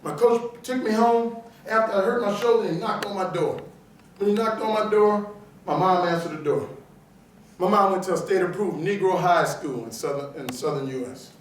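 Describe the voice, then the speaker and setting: Man, middle-aged, motivational speaker, emphatic and joking, high voice, echoey auditorium heard from far off. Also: normal speed, slight background noise. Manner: punchy, emphatic, joking with the crowd. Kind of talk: animated motivational storytelling speech. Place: large auditorium.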